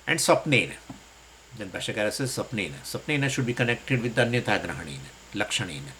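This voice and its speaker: A man's voice: fairly low pitch, sing-song, quick pace, bright, forceful tone, slight background noise, poor audio. A man teaching a lecture on Sanskrit scripture. He explains the terms in English and asks and answers his own questions.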